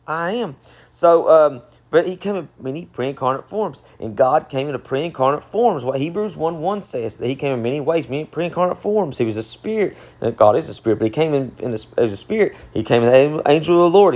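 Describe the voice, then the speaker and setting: A man's voice: on the high side, a little mellow. A man with a Southern US accent giving a Bible study sermon. He reads verses aloud and then explains them emphatically, repeating himself, correcting himself and checking in with "okay?". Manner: emphatic, repetitive, self-correcting. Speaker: Bible teacher.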